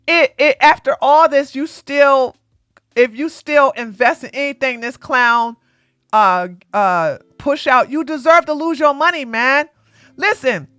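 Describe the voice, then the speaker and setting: A woman host doing live-stream commentary in an animated, sarcastic way, often breaking into laughter. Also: high-pitched, no echo, studio quality.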